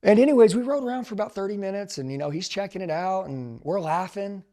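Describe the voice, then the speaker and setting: Man, 40s, sales trainer with a gravelly, fairly high voice. Emphatic, animated motivational storyteller. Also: fast talker. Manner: emphatic, animated, slangy, addresses listeners as dude.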